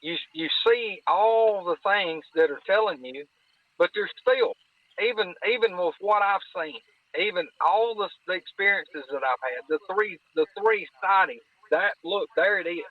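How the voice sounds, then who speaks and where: Over a dry, echo-free line that sounds like a phone, a Southern-accented man from North Alabama chats as a podcast guest. His high-pitched voice is measured, and his folksy, earnest talk often circles back on words as he hunts for the right one.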